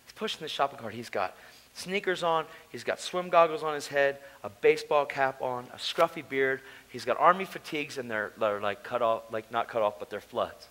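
A man preaching his personal testimony at a conference. He swings from hushed storytelling to loud, emotional shouting. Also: medium pitch, moderate pace, rough recording.

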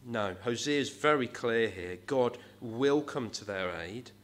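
A man's voice: medium pitch, animated, a little slow, fairly bright tone. A man preaching a sermon in an earnest way, often tagging his points with rhetorical questions.

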